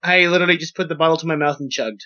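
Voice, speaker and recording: A young man with a high, bright voice tells a story on a podcast in a loose, rambling way. He swears freely. The audio sounds dull and lo-fi. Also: very fast. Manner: rambling, profane, animated storytelling. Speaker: podcast host. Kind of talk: casual storytelling.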